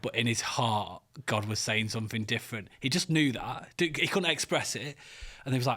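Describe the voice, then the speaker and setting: A man's voice: medium pitch, normal speed, bright, forceful tone. A man hosting a podcast, chatting loosely with many "like" and "you know" fillers. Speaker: podcast host. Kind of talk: casual interview chat.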